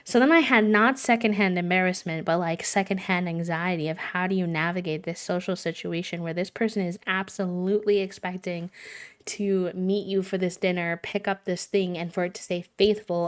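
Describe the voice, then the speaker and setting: A young adult woman streamer in casual chat, retelling a story in an animated way, with lots of fillers. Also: on the low side, moderate pace, smooth.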